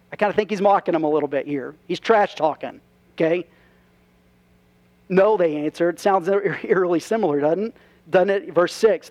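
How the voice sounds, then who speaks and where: Male pastor, high-pitched, conversational sermon delivery with rhetorical questions. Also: normal speed, darkish tone. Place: church.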